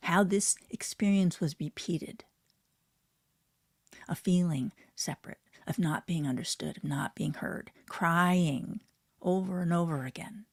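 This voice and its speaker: A woman sound healer leading a guided healing meditation, speaking softly and slowly and often dropping to a whisper. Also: lowish voice, no room sound, clean studio sound. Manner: soft, slow, often drops to a whisper.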